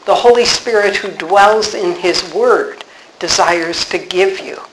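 Slow, earnest older nun preaching. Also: female voice, mid-range voice, reverberant, noisy background. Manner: reads scripture slowly, then speaks with earnest conviction. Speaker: religious sister preaching. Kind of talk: slow scripture teaching.

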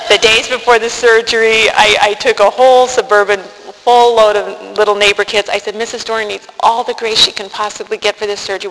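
A middle-aged woman with a fairly bright, mid-range voice tells her personal faith story with earnest feeling, frequently restarting and tripping over words. The recording carries hall reverb and faint noise.

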